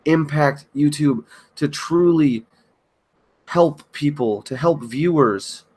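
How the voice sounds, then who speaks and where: Channel host, male, slightly high voice; raw, halting confessional livestream from home. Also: darkish tone, slightly rough. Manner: halting, emotional, frequent restarts. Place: at home by a kitchen counter.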